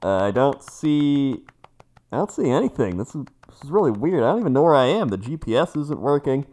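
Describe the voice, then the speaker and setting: A dozy traffic reporter rambles along, halting in a mock-broadcast deadpan, as a man plays him. His voice sits at an ordinary mid pitch. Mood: bewildered. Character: dozy, lost male traffic reporter in a comedy bit.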